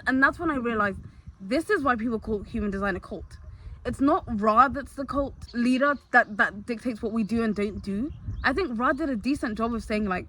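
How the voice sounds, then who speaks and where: A young woman talking straight to camera in a candid, animated monologue, full of fillers. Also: fairly high pitch, brisk, background noise. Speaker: vlogger. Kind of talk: casual storytelling monologue.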